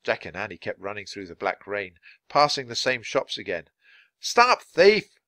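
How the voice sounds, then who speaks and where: A man reading a children's storybook aloud in a clear, measured way for learners. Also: fairly low pitch, lively intonation, pushed and bright, no room sound. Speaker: storybook reader. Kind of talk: children's book read-aloud.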